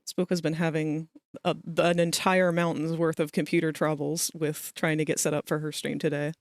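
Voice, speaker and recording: A woman's voice: sits low, little pitch movement, normal speed, dry recording, clean studio sound. A young adult woman hosting a livestream, chatting casually with friends and laughing often. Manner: chatty, giggly, talks over friends. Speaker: livestream host. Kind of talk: casual stream chat.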